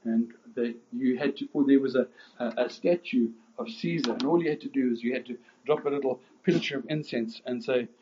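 A man's voice: mid-range voice, fairly quick, darkish tone, slight background noise. Impassioned male preacher, lo-fi recording. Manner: impassioned preaching with rising emphasis and frequent restarts. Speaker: pastor. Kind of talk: sermon.

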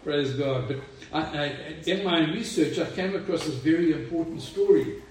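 A jovial male pastor with a slightly high voice, preaching a sermon. He stands well back from the microphone, so his voice rings through a very echoey room. He stumbles into cheerful restarts between phrases. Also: normal speed, darkish tone, a little hiss or hum. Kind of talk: sermon with prayer and scripture reading. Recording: echoey room, voice far from the mic.

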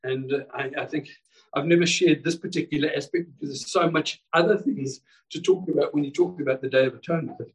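A man's voice: a little high, quick pace, far from the mic, poor audio. A male pastor preaching a sermon in a church service, fervent and exclamatory, often repeating words as he builds a point.

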